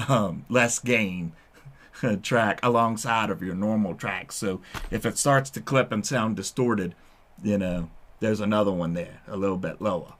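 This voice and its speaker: A man's voice: lowish voice, a bit bright. A man hosting his own channel, chatting casually and rambling at home with frequent laughs. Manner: laid-back, rambling, laughs a lot. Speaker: channel host. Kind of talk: casual stoner chat to camera. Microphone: headphones and desk mic.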